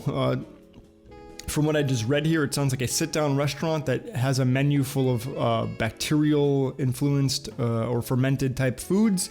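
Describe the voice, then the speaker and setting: A man talks through news headlines in an easygoing, rambling way, with a mid-pitched voice. He fills his pauses with uhs and likes to drop in asides. Faint guitar music plays under him. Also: darkish tone. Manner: chatty, many filler ums and uhs. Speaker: host. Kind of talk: casual video commentary reading headlines.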